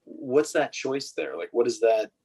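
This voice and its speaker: A man's voice: mid-range voice, expressive, a little slow, darkish tone, husky. A man hosting a casual film-discussion podcast, rambling with lots of fillers and frequent laughs. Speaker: podcast host.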